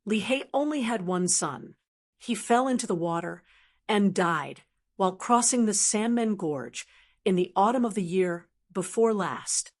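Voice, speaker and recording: A woman narrating a martial arts novel audiobook in a steady, even storytelling manner. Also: medium pitch, a little slow. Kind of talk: scripted narration.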